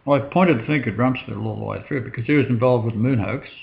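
Gravelly-voiced man chatting hesitantly. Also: medium pitch, fast talker. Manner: hesitant, with many fillers. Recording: dull lo-fi recording.

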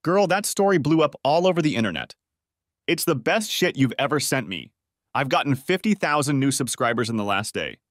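A man's voice: medium pitch, big pitch swings, fairly quick, no echo, clean studio sound, pitched above the performer's own voice, natural voice. A man narrating an audiobook, voicing a bubbly, crude female gossip show host in a raised, gushing voice. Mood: thrilled.

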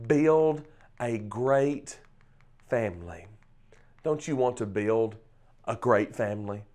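Male preacher for a scripture tip segment; measured, deliberate delivery, rises and falls for emphasis. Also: medium pitch. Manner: emphatic, with pauses and swells in loudness. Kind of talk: short scripture devotional talk.

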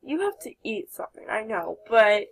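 A woman's voice: fairly high pitch, sing-song, normal speed, gravelly, slightly rough. A young woman giving casual let's play commentary, chatty and giggly, talking to her game characters. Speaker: gameplay commentator.

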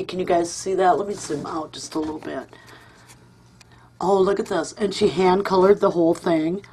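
A woman's voice: lowish voice, moderate pace, a little mellow, slightly rough. A woman hosting a casual craft vlog at home, gushing and chatty with lots of ums and uhs. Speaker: crafting channel host.

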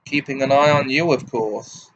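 A man reading the part of a wry, protective grown man in an audiobook, with a dry, brisk, amused delivery. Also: medium pitch, fairly bright tone, highs cut off, slight background noise, close to an everyday voice.

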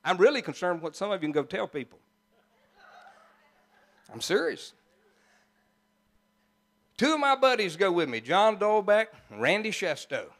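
Man, pastor, storytelling sermon, high voice, folksy, animated, joking asides.

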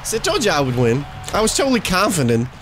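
Young guy yelling and muttering over a game, highish voice jumping around a lot. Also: quick pace, over music. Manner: excitable, swings between shouting and mumbling, swears often. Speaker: gaming YouTuber. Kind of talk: gameplay commentary.

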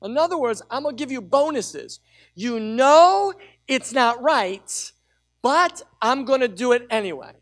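A middle-aged man preaching a sermon as pastor, telling a personal story with lively energy and urging the congregation to call out. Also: extremely high pitch, a little slow. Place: church sanctuary with a congregation.

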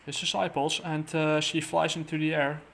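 A man casually recapping a comic book plot, halting and full of fillers and restarts. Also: fairly high pitch, level tone, creaky, a bit bright.

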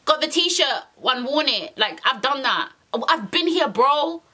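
Lively, exasperated young woman. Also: high-pitched, unhurried. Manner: animated, exasperated, slangy, repeats phrases. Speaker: vlogger. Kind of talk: storytime monologue.

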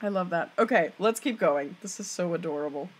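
A woman opera singer giving casual, excitable reaction commentary on a music video at home. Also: on the low side, a little fast, slightly rough. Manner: excitable, laughing, exclamatory.

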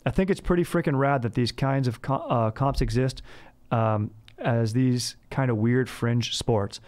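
A man's voice: mid-range voice, unhurried, a little mellow. Male comedy podcast host; slangy, rambling, easygoing banter. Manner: slangy, rambling, says dude a lot.

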